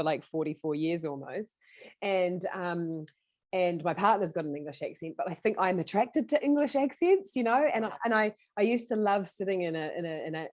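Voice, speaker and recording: A woman with a New Zealand accent speaks in a low voice with a dry, close sound. She is in her forties and is a guest on a podcast. She talks in an animated, rambling way with many restarts. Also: no echo. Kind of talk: casual interview talk.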